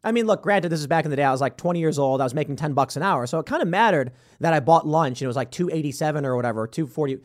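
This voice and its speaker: A man in his late thirties with a high, lively voice hosts a talk show. He rambles through a story, jumping between voices as he quotes the people in it. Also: rapid-fire, few pauses. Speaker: show host. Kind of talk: casual storytelling and commentary.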